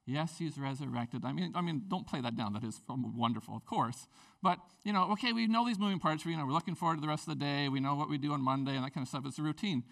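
A man preaching a sermon, telling personal stories in a conversational, animated way with big swings in pitch and volume. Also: fast talker, creaky. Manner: conversational storytelling with lively swings in pitch and loudness. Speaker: pastor.

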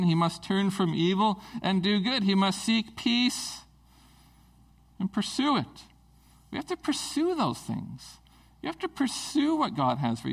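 A man's voice: a little high, creaky, rough recording. A man preaching a conversational sermon in a casual, earnest way, with fillers and restarts.

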